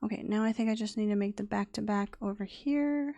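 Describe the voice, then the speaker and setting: A woman's voice: medium pitch, a little fast, warm tone, no room sound. A young adult woman streaming a game, chatting casually, muttering to herself and scolding the game's animals. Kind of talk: casual gameplay chat.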